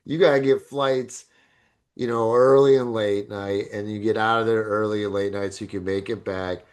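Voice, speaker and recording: A man's voice: fairly low pitch, moderate pace, smooth. A man co-hosting a podcast, telling crude stories in a casual chat with frequent laughs. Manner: laughing storyteller, animated with crude banter. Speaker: podcast co-host.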